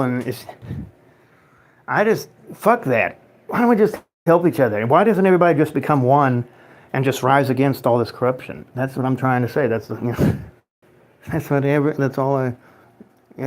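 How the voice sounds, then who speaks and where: A man's voice: medium pitch, fairly quick. A man hosting a livestream, reading out chat comments and giving his loose, sarcastic opinions, with frequent swearing and laughs. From United States. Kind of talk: casual rambling livestream chat.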